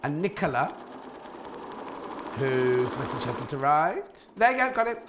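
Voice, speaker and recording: A woman from Canada hosting a live shopping channel, reading out viewer messages and chiming in with quick comments. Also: low voice, big pitch swings, noisy background.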